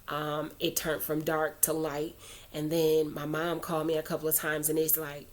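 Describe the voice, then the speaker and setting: Low-voiced woman telling a rambling story. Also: monotone, moderate pace. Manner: rambling, chatty, full of asides and fillers; earnest, preachy when urging prayer. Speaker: vlogger telling a personal faith story. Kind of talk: casual storytelling to camera.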